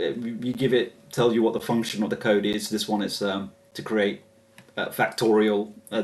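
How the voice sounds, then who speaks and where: A fairly low-voiced man walks through a software demo in a loose, chatty way. He hesitates often and chuckles as he talks. His voice sits a little back from the microphone. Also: distant mic. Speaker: presenter demonstrating software. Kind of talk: casual screen-share walkthrough.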